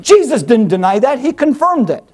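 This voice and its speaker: A male pastor preaching a sermon in an animated, rhetorical way, firing questions at the congregation. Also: extremely high pitch, moderate pace.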